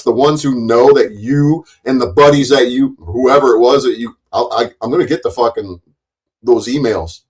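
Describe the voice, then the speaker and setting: A man's voice: mid-range voice, low-quality recording. A middle-aged man delivering an angry, profane rant to the camera as a YouTube commentator, taunting his targets, swearing heavily and stumbling over repeated words. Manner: confrontational, taunting, swears heavily, stammers on restarts.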